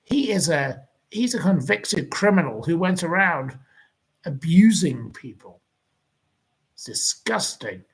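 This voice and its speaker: A man's voice: on the high side, big pitch swings, takes it slowly, husky, rough recording. A man hosting a livestream, ranting indignantly and rambling as he answers viewer comments. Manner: indignant, rambling, repeats insults.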